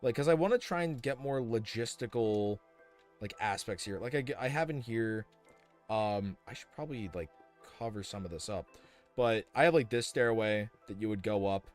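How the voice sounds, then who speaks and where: A man's voice: fairly low pitch, moderate pace, faint music behind. A young man casually thinking aloud as he streams a building game, rambling with many fillers and restarts. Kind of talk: casual live-stream commentary while building.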